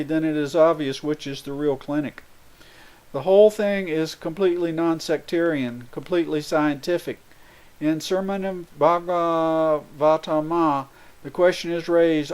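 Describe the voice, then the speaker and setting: A man's voice: fairly high pitch, a little mellow, clean tone. A man giving a sermon, earnestly explaining spiritual points through everyday examples. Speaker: spiritual speaker.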